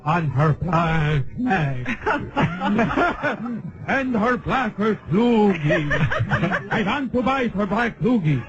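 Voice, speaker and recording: A leering, cackling vampire count, put on by a man. The voice sits high and swoops wildly, dragged out slowly and theatrically. It comes through a dull, muffled radio broadcast. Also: big pitch swings, very noisy, exaggerated voice. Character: sneering male vampire count, lewd and gleeful.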